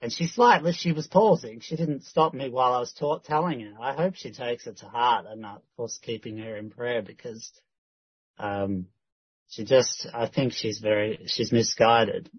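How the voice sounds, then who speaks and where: A man gives a rambling, casual update and keeps restarting his sentences. His voice is husky and the recording is dry. The sound is dull and lo-fi. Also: medium pitch, moderate pace, dry recording. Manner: rambling, with many restarts and quoted dialogue. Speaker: church member giving a prayer update.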